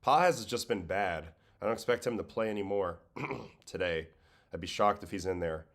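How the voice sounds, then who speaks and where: Low-voiced brooklyn guy, faint ny-boston accent, tired, chatting with his stream about baseball stuff. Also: moderate pace. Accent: faint New York-Boston. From Brooklyn, New York. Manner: relaxed, conversational, reads chat questions aloud. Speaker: livestream host, former pitcher. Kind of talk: casual livestream chat answering viewers.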